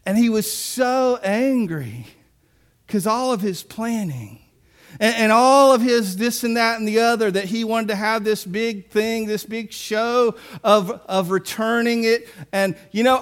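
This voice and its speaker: High-voiced male preacher. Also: unhurried. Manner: conversational preaching with mock-quoted voices and asides. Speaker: pastor. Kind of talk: sermon.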